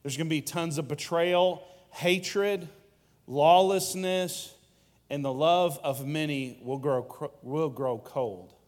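A man's voice: on the high side, slow pace, long reverb tail. A male pastor preaching a sermon with rhetorical questions and playful asides.

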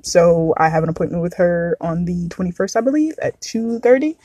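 A woman's voice: lowish voice, big pitch swings, brisk, dark tone, breathy edge, dry recording. A woman in her thirties hosting a podcast, talking frankly and confessionally in a casual chat that drifts into tangents. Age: 30s. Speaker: podcast host.

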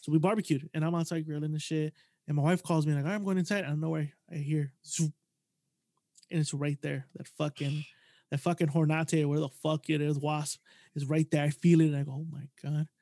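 A man's voice: fairly high pitch, level tone, brisk, warm tone, no room sound, studio quality. A man hosting a podcast, telling a story in a casual chat with lots of swearing and animation.

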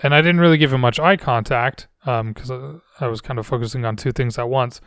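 A man's voice: medium pitch, fairly quick, fairly bright tone, clean tone, no room sound, studio quality. A man hosting a podcast, telling personal stories in a rambling, self-reflective way with frequent restarts. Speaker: podcast host. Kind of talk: casual storytelling monologue. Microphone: podcast microphone.

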